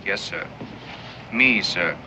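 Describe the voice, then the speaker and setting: A man's voice: fairly low pitch, slow, bright, forceful tone, a little hiss or hum, heavily acted, poor audio. An actor playing a flustered army corporal who defers to his superiors and speaks brusquely to the townsfolk. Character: flustered male army corporal, dutiful and gruff.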